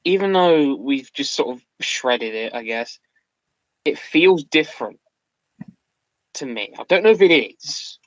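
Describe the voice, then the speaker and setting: A man's voice: medium pitch, animated, measured pace, pauses often, fairly bright tone, no echo, lo-fi sound. A man in casual review chat, rambling and hesitant with many fillers. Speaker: podcast co-host.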